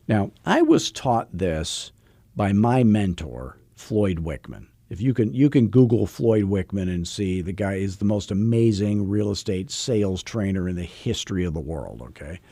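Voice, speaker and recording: A man's voice: lowish voice, expressive, moderate pace, mellow, no room sound, clean studio sound. A man coaching real estate agents on a podcast, chatting through stories with frequent repeats and restarts. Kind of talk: podcast monologue with anecdotes.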